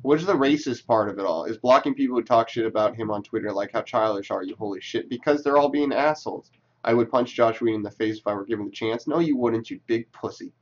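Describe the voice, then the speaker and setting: A man doing casual reaction commentary, reading posts aloud and snapping back at them with sarcastic, profane asides. His voice sits at a middling pitch, and the recording sounds a little dull and lo-fi. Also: fast. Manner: sarcastic, profane, talks back to what he reads.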